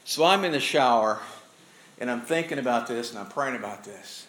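Animated man preaching a sermon. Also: medium pitch, normal speed, slight background noise. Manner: animated preaching with rhetorical questions to the congregation. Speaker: pastor.

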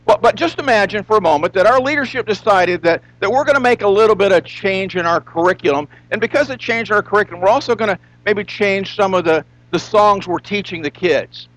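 High-voiced man preaching a sermon. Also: a bit bright, dry recording, poor audio. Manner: emphatic, with rhetorical questions and drawn-out repetition. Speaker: pastor.

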